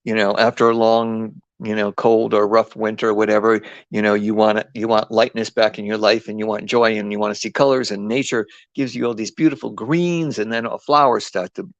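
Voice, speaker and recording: East Coast male craft host, lowish voice, rambling live chat, dry booth-like sound. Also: steady tone, brisk, few pauses, dry recording, lo-fi sound. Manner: rambling, chatty, full of ums and restarts. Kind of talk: casual live craft demo.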